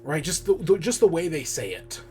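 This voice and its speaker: A man's voice: fairly high pitch, sing-song, normal speed, warm tone, slight background noise. A man hosting a podcast in casual chat, rambling with restarts and casual swearing. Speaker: podcast host.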